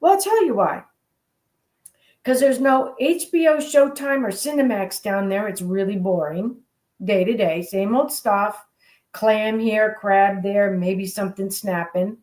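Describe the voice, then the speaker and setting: A woman hosting a radio show, telling a motivational story in an animated, playful way. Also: medium pitch, a little slow. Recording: roomy echo.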